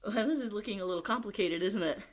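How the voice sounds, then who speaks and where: A woman at a library reading a picture book aloud, expressive, with chatty asides to young listeners. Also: medium pitch, fast talker. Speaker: library storyteller.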